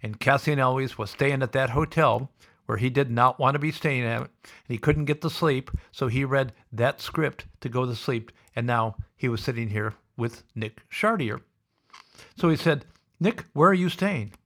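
Male podcast host, mid-range voice, animated storyteller who acts out his characters. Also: normal speed. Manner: acts out the people he quotes with lively pitch jumps.

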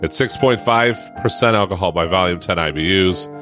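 A man's voice: low voice, a little fast, music in the background. A man co-hosting a podcast in casual chat, sarcastic and joking, laughing often as he talks. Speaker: podcast co-host.

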